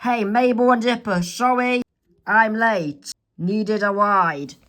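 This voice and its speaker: A friendly, polite teenage girl, read out by a man. She speaks slowly and gratefully, just above the narrator's normal pitch. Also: fairly bright tone. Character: Wendy, friendly teen girl.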